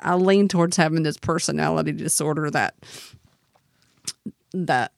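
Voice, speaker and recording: A woman's voice: low voice, steady tone, moderate pace, vocal fry, no room sound, studio quality. Chatty, self-deprecating woman podcaster. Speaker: podcast co-host. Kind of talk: casual chat.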